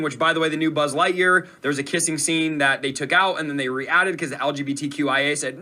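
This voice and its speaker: Guy host ranting to his viewers, emphatic, kinda high and sharp voice. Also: a little fast, hardly any pauses. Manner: indignant, emphatic, addresses viewers directly. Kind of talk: commentary on played clips.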